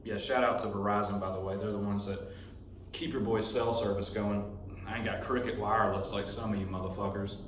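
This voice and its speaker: A man's voice: lowish voice, fairly even intonation, a little fast, a little hiss or hum. A young man hosting a podcast in his garage, rambling through a profane story in a casual monologue. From Alabama. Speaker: podcast host. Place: home garage. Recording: echoey garage.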